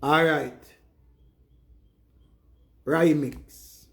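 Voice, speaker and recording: Brief: Jamaican man, fairly high voice, earnest preachy monologue to a live audience. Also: steady tone, extremely slow, creaky, a bit bright. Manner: earnest, preachy Patois rant. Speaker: live streamer. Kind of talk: casual monologue to viewers.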